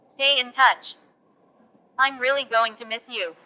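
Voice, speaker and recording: A woman teaching English, reading example phrases for learners one by one in a slow, deliberate delivery. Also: on the high side, sharp tone.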